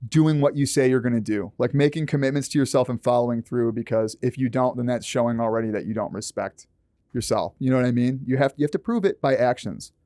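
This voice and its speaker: A man talking as a guest on a podcast, animated and swearing often as he acts out quoted lines. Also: medium pitch, quick pace, dry recording, studio quality. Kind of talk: casual podcast chat.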